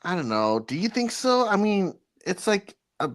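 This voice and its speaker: A man's voice: sits high, sing-song, moderate pace. A young man co-hosting a casual podcast, talking loosely and with slang and profanity. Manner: loose, slangy, profane, calls his co-host dude. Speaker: podcast co-host. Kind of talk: casual chat.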